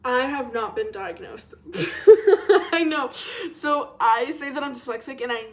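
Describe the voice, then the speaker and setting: Chatty young woman, rambling and expressive. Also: high voice, normal speed. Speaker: vlogger. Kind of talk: casual chat to camera.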